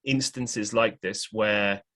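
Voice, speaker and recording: A man's voice: fairly low pitch, fairly even intonation, slow, bright, forceful tone. A man hosting a podcast, talking casually and frankly, with a slightly irritated, ranting manner. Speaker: podcast host.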